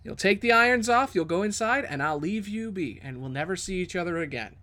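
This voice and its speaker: A man's voice: high voice, animated, fairly quick, bright, forceful tone. A man voicing a sly, cheerful female rogue prisoner who bargains for her freedom. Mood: wheedling.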